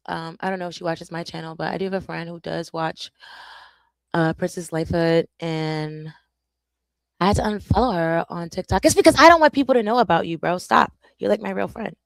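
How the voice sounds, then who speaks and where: Woman streamer rambling and joking at her viewers, a bit of vocal fry, dead dry sound. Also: fairly low pitch, no room sound. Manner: animated, joking, self-interrupting. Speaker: content creator. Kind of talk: casual live-stream chat.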